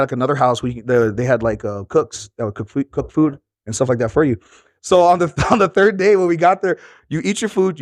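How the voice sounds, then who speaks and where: A man in a band telling a funny studio story in casual chat, animated, laughing and swearing. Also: mid-range voice, no echo. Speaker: band member.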